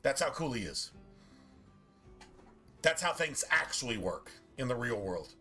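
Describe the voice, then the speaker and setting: A man's voice: medium pitch, very animated, measured pace, bright, forceful tone, faint music behind. A man streaming a game and ranting casually, swearing often in a preachy, emphatic way. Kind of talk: casual rant while gaming.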